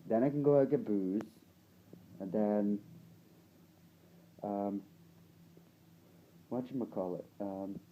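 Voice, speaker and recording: A man's voice: fairly low pitch, takes it slowly, pauses often, highs cut off, slight background noise. A young man with a put-on American accent, talking casually in a rambling, sweary way full of ums and likes. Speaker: vlogger.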